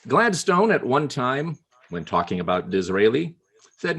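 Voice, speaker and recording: Husky male club speaker, lively pitch, humorous anecdotes, video call. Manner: storytelling with playful pauses. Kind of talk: humorous prepared speech.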